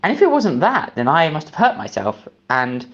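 A British man calmly telling a personal story in a measured, mature way, in a played clip. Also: on the high side, lo-fi sound. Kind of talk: casual storytelling.

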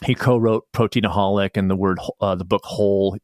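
A man talking as a guest author in a casual podcast conversation, telling stories with lively restarts. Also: on the low side, fairly quick, no room sound, clean studio sound. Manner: animated storyteller, rambling restarts.

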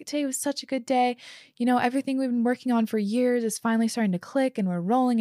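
A woman's voice: on the low side, dry recording, clean studio sound. A young woman hosting a podcast, telling a personal story in a candid, rambling way with lots of "like". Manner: candid, rambling, heavy use of "like". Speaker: podcast host. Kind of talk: casual storytelling chat.

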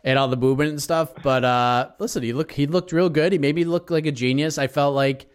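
A man co-hosting a podcast, talking about fighters in a relaxed, easygoing way. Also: on the high side, brisk, clean tone. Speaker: podcast co-host. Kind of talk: casual sports chat.

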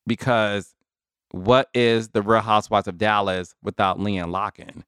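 Chatty and animated, a podcast host does casual solo commentary, speaking directly to his audience as "y'all." His fairly low voice is unhurried and clean in tone, recorded dry at studio quality.

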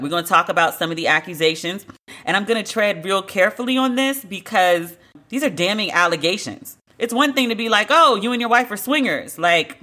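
A woman hosting a solo podcast, talking bluntly and sarcastically with plenty of cussing. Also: medium pitch. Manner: blunt, sarcastic, animated, cusses freely. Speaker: podcast host. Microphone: studio podcast microphone.

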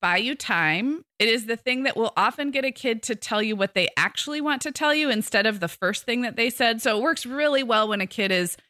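A woman co-hosting a parenting podcast in casual chat, often acting out quick quoted lines from kids and parents. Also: on the high side, animated, pushed and bright, no room sound, studio quality. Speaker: podcast co-host.

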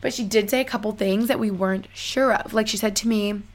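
A woman's voice: mid-range voice, steady tone, fairly quick. A young woman telling a story casually to her viewers, chatty and full of fillers. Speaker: vlogger.

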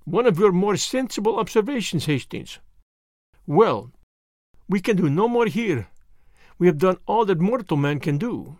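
Man doing a fussy detective, high lively voice, theatrical, audiobook. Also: no room sound, clean studio sound. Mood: brisk. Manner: theatrical, exclamatory, fastidious. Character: fussy, excitable Belgian detective, middle-aged man. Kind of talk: audiobook character voice.

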